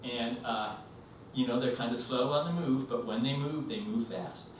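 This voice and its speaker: A man's voice: medium pitch, normal speed, a little hiss or hum. Rambling man telling a story on stage. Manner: rambling, animated, acts out quotes. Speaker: storyteller at a live event. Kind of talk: live storytelling. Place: live event venue, indoors. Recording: echoey hall, mic from a distance.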